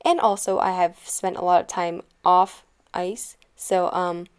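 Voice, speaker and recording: A woman's voice: lowish voice, fairly even intonation, a little slow, smooth. Chatty teenage girl narrating her vlog. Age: teens. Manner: chatty, self-deprecating, playful. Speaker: vlogger. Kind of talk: casual voice-over narration.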